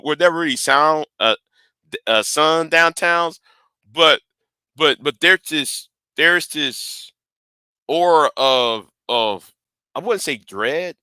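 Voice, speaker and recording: A man's voice: a little high, sharp tone, clean tone, no echo, poor audio. A man hosting a casual chat, stumbling over repeated words and fillers. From Texas.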